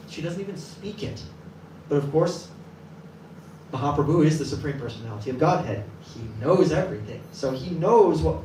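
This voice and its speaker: A man with a fairly high voice tells a sermon story to a gathered audience, in a casual and lively way, and briefly puts on the voices of the people in it. He sounds set back from the mic, and a roomy echo with faint ambience hangs around him. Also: slight background noise. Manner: lively, acts out quoted voices. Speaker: temple class speaker. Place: temple hall with live audience. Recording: echoey room from a distance, faint ambience.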